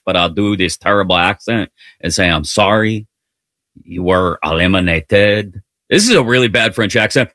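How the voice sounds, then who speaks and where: A man hosting a live sports talk radio show, upbeat and playful, running quickly through the day's stories. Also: mid-range voice, pushed and bright, dry recording, studio quality. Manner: upbeat, playful, rapid-fire rundown. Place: radio studio. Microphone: studio broadcast mic.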